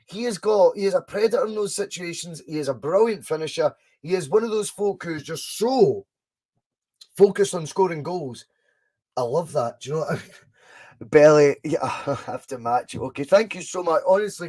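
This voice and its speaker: A young Scottish man hosting a live fan watchalong, chatting casually, reacting excitedly to the match and answering viewers' comments. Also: fairly high pitch. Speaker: podcast host doing a live fan watchalong.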